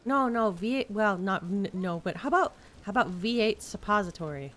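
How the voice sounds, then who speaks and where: A woman's voice: medium pitch, expressive, brisk, a bit bright. A woman streamer chatting casually and reading game dialogue aloud with a giggly, playful manner.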